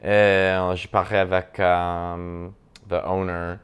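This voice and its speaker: A man chatting casually as he reacts to a video, playful and quick to swear. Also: low-pitched, little pitch movement, a bit bright, clear, resonant tone. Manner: switches languages mid-thought.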